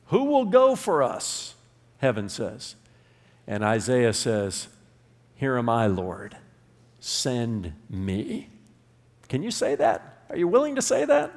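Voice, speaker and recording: Emphatic preacher man, lively pitch. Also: big-room sound. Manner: emphatic, leads the congregation in call-and-response. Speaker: pastor. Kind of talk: sermon. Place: church sanctuary.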